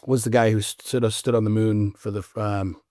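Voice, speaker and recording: Blunt, animated man in a dry room. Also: on the low side, moderate pace, no echo. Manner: animated storyteller, blunt and profane. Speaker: podcast guest. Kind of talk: casual podcast conversation.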